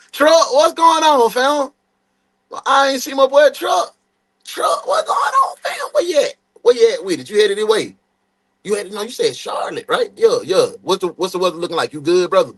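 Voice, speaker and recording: A young man hosting a live true crime stream, greeting chat viewers by name in a lively, animated way. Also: high voice.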